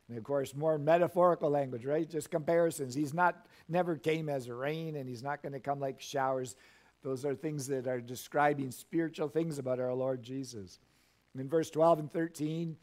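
A man's voice: a little high, normal speed, darkish tone. A middle-aged male pastor preaching a sermon in a church, reading scripture and making folksy asides with frequent chuckles.

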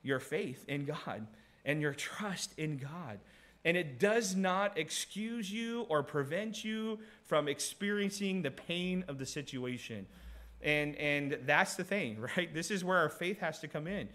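A man's voice: fairly high pitch, measured pace, a bit bright. A man preaching a sermon, earnest and conversational, repeating key phrases, with frequent restarts and short laughs, reading scripture aloud. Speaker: pastor.

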